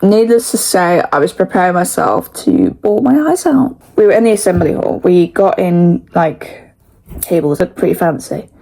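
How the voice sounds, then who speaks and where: A woman's voice: lowish voice, expressive, moderate pace, vocal fry, mellow, rough recording. A young woman in her late teens with an English accent, telling stories to camera in rambling, frank, sweary casual talk full of "like". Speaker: vlogger. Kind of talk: casual chatty storytelling.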